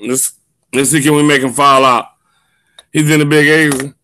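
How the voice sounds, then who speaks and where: A man hosting a live football show, loud and hyped, often shouting and stretching his words. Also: medium pitch, little pitch movement, brisk, long pauses. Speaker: host. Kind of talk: excited live sports show chat.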